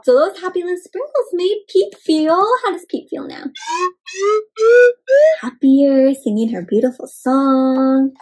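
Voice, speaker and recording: Lively woman reading aloud to kids. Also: high-pitched. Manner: animated, asks the listeners questions, gasps. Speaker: storyteller for children. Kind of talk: interactive read-aloud for kids.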